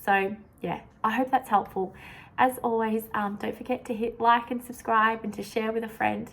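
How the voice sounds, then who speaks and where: A young woman, a teacher showing how she teaches a lesson, with a clear, sing-song classroom voice that sounds out words slowly. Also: on the high side, fairly even intonation, poor audio.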